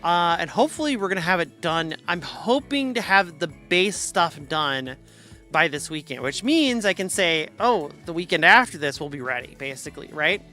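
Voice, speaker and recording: A woman chatting casually on her stream, her voice bright and forward. She rambles from one silly story to the next and laughs at her own jokes. Soft music plays faintly behind her. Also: lowish voice, animated. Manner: rambling, jokey, quick to laugh at herself. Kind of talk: casual chat.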